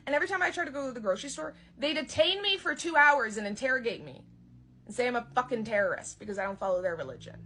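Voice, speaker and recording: Young woman, higher voice with a husky edge, heated and sarcastic, swearing freely. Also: animated, quick pace, bright, forceful tone. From Canada. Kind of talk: ranting monologue.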